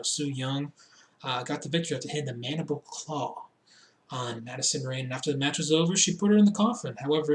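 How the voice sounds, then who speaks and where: Tipsy rambling man in an echoey room. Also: on the high side. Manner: rambling, laughs at himself, many fillers. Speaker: wrestling reviewer. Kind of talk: casual video review.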